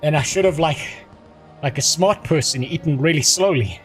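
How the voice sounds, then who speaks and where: A man's voice: a little high, moderate pace, faint music behind. A man livestreaming from a small room at home, chatting casually, rambling and swearing and mocking himself, a little queasy after being sick. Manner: profane, rambling and self-mocking.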